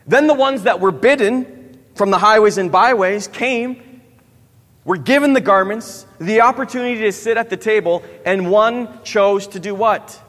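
A man's voice: sits high, normal speed, fairly bright tone. A man in his thirties preaching a sermon, asking the audience questions and tagging many lines with "right?". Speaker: youth pastor. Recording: long hall reverb.

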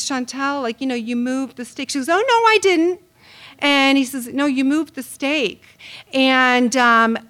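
A middle-aged woman giving a sermon as a Bible teacher, telling a neighbor story and acting out the quoted voices. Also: high-pitched. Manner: animated, acts out quoted voices.

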